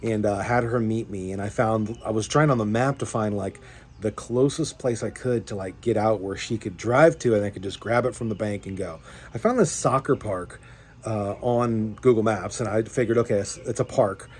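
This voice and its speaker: Lowish and darkish with a breathy edge, a young man's voice runs at normal speed as he, a fishing vlogger, chats casually about a day gone wrong. He rambles, makes fun of himself, and is full of fillers and restarts.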